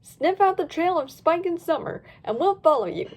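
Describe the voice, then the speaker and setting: A woman's voice: extremely high pitch, big pitch swings, normal speed, pitched above the performer's own voice, full character voice. A woman voicing a cautious, sensible male Dalmatian pup, talking firmly and with some worry. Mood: fretful firm.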